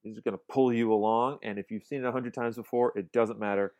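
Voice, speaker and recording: A man's voice: on the low side, fairly even intonation, quick pace, a little mellow, highs cut off. Enthusiastic man talking about movies. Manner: enthusiastic, rambling with restarts. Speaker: podcast co-host. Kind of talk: casual film discussion.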